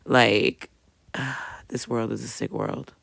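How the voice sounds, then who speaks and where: A woman's voice: a bass voice, fairly even intonation, slow, gravelly, fairly bright tone. A woman from Brooklyn, telling a story in a casual, blunt, profane, rambling way. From Brooklyn, New York. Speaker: vlogger.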